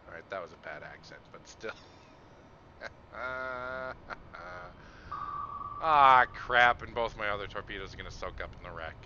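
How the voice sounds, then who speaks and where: Bright-voiced man streaming a game. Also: sits low, normal speed, dull audio, slight background noise. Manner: chuckles often, chats to viewers while playing. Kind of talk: casual live-stream commentary.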